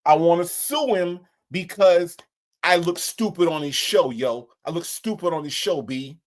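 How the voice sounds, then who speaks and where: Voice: medium pitch, expressive, unhurried, close to an everyday voice. A streamer doing a dim, rambling slangy guy. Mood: boastful rambling. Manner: rambling, keeps saying "you know what I'm saying". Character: dim, slangy man boasting to his lawyer.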